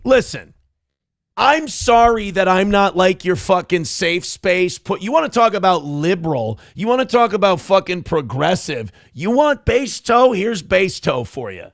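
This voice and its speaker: A young man hosting a live show, reading donation messages and ranting with heavy swearing in fast, heated bursts. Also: high voice, lively intonation, creaky, no echo, clean studio sound. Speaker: livestream show host. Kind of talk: profane political rant and chat reading.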